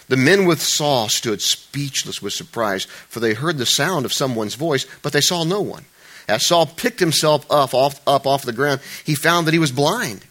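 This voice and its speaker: A man's voice: medium pitch, animated, normal speed, bright, forceful tone. A middle-aged man preaching a sermon, reading scripture aloud with acted-out voices and asides, often chuckling. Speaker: pastor.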